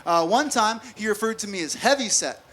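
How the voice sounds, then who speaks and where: A man's voice: high-pitched, lively intonation, fairly bright tone. A man in his thirties performing a stand-up comedy set, chatting and joking with a live audience in a venue. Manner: conversational, quick jokes told to a live crowd.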